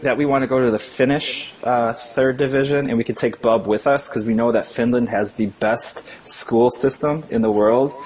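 A man co-hosting a sports podcast, wry and jokey, halting with fillers and restarts. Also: medium pitch, darkish tone. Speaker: podcast co-host. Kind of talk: casual joking chat.

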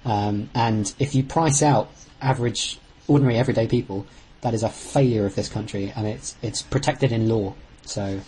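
A man's voice: lowish voice, moderate pace, mellow, a little hiss or hum, rough recording. Man rambling earnestly about football. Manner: earnest, rambling, with sudden outbursts. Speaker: podcast co-host. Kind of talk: casual football chat.

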